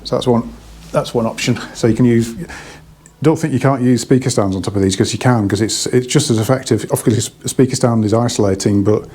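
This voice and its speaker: A man's voice: medium pitch, brisk, dark tone, breathy edge. A man giving a casual, rambling hi-fi product review, slightly out of breath, with many restarts.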